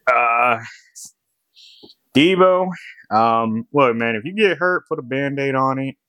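A man's voice: medium pitch, expressive, slow pace, bright, forceful tone, no echo. A man co-hosting a casual sports podcast, telling stories with loose slang and frequent laughter. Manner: laughing storyteller, loose slangy banter, playful. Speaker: podcast co-host.

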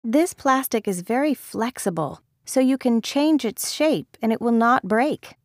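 Woman reading textbook example lines, kinda high voice. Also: animated, unhurried, no echo, studio quality. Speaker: speaker of example sentences. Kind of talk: reading vocabulary example sentences.

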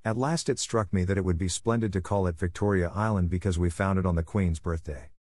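A man's voice: sits low, fairly quick, darkish tone, dry recording, studio quality. A man voicing an imaginative, eager orphan girl of about eleven, talking in a breathless, dramatic rush. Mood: earnest.

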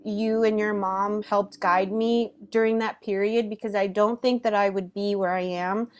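A woman's voice: mid-range voice, steady tone, moderate pace. A young woman hosting a podcast, telling a personal story animatedly with frequent laughter. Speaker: podcast host. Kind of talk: casual storytelling.

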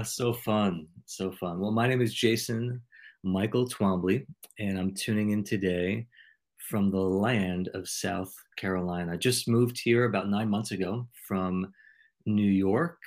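Low-voiced man, ornate and playful. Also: steady tone. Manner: ornate, playful word choice, measured delivery. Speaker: podcast host, interviewed as guest. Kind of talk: conversational interview.

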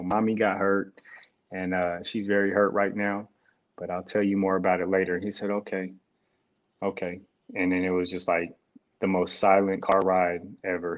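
Man, low voice, halting and reflective, personal story, dull lo-fi recording. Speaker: guest. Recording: dull lo-fi sound.

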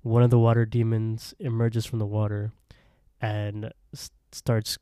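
A man with a low, mellow voice recaps a show episode for his podcast co-host, rambling along and slipping into the characters' lines. The sound is dry and close. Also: little pitch movement, unhurried, clear, resonant tone, dry recording. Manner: rambling, laughing, acting out quotes. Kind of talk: casual recap chat.

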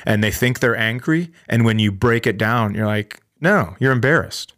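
An earnest man speaks with a fairly low voice in a casual talk. He starts and restarts as he works out his thoughts. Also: flat delivery, moderate pace, over music. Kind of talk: casual chat.

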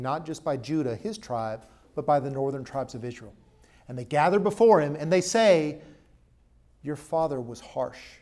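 A male pastor preaching a sermon at a church service and then leading a prayer. He talks emphatically, pushing his voice up for stress, dropping to an earnest hush, and putting questions to the congregation. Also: fairly high pitch.

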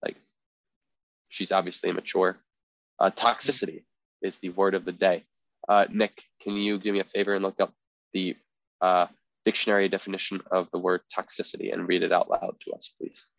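A man's voice: deep voice, level tone, moderate pace, vocal fry, long pauses, fairly bright tone, dry recording. A young man co-hosting a podcast, talking in a casual, rambling way with lots of filler words. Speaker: podcast co-host. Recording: dry, slightly dull podcast audio.

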